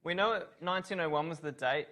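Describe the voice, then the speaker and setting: A man's voice: a little high, a little fast, bright, forceful tone. A man giving a university revision lecture on law, asking students questions and praising their answers.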